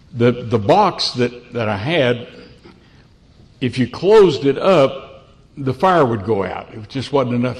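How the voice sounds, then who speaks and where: Folksy older man telling sermon stories. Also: mid-range voice. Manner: folksy, self-deprecating storyteller with restarts. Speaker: preacher. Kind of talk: storytelling sermon. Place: church pulpit.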